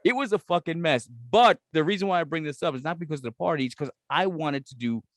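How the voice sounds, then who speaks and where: A man's voice: a little high, fast talker, no echo, clean studio sound. A man co-hosting a podcast, telling stories in a casual, profane way, laughing often and acting out how other people reacted. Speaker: podcast co-host.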